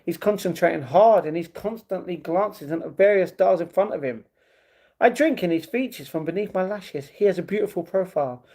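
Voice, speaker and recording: Brief: male streamer reading aloud, casual and stumbling, mellow tone. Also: sits high, a little fast. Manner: stumbling reading with laughing asides. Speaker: livestream host. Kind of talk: reading a novel aloud on a livestream.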